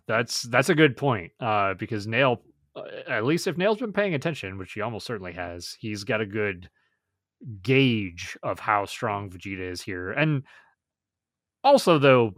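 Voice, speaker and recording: A man co-hosting a podcast, chatting casually about episodes, excitable and swearing freely. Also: medium pitch, measured pace, no echo, clean studio sound. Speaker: podcast co-host. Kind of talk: casual episode review chat.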